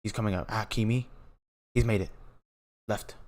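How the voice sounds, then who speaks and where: A young man with a fairly low voice talks through a penalty shootout as a casual live watch-along. He stumbles, repeats words, and swings between hyped shouts and hushed awe. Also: moderate pace. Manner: excitable, repeats himself, trails off into quiet awe. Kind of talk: casual live reaction commentary.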